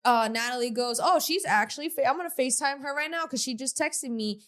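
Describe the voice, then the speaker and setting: A woman's voice: high-pitched, fairly quick, fairly bright tone. A woman co-hosting a podcast, giving her opinions on reality TV drama in casual slangy talk full of "like.". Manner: chatty, slangy, opinionated, frequent "like" fillers. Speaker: podcast co-host. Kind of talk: casual reality TV recap chat.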